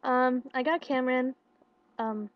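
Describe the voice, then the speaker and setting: A young woman casually retelling a concert meet-up into a webcam, excited and chatty, with lots of fillers and quoted dialogue. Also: high voice, unhurried, slight background noise. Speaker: vlogger. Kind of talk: casual storytelling. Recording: lo-fi webcam audio.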